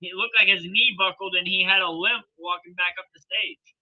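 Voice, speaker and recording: A man's voice: high voice, fairly even intonation, a little fast, lo-fi sound. A man casually commenting on a live wrestling show for his stream, chatty and joking, laughing often.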